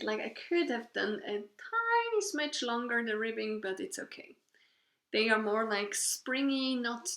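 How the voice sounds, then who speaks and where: A woman's voice: on the high side, fairly bright tone. A woman in her thirties from Switzerland, hosting a knitting podcast in casual show-and-tell chat, cheerful and gushing about her finished pieces. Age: 30s. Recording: echoey room.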